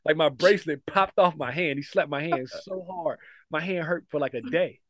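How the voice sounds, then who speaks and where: A man, a former pro basketball player, telling lively stories in a casual podcast chat, with lots of "like" fillers and laughter. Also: fairly high pitch, moderate pace. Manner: animated storytelling, frequent "like" fillers and laughs.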